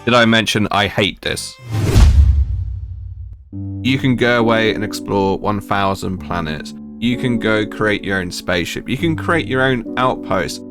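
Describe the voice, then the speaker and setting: A man's voice: lowish voice, measured pace, music in the background. A man from the United Kingdom giving a ranting game review as a gaming video creator, with exasperated, mocking complaints.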